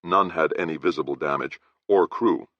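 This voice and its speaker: A man narrating an audiobook in first person with measured storytelling, in a dry, slightly dull recording. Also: a bass voice, no room sound.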